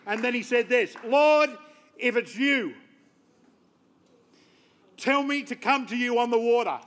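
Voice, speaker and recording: A pastor preaching a lively sermon in church, calling out members of the congregation by name. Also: male voice, very high-pitched, a little slow. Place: church sanctuary.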